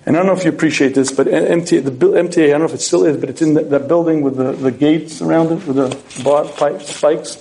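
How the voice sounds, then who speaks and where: A middle-aged man, a rabbi giving a sermon full of stories, who acts out voices and often clears his throat. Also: fairly high pitch, fairly even intonation, fast talker, hardly any pauses, mellow.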